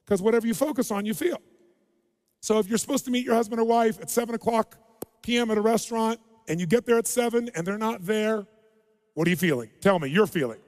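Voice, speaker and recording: Man, seminar speaker, high voice, lively audience-quizzing delivery, long hall echo. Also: quick pace. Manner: animated, quizzes the audience and acts out quotes. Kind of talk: live seminar talk to an audience. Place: large hall with a live audience.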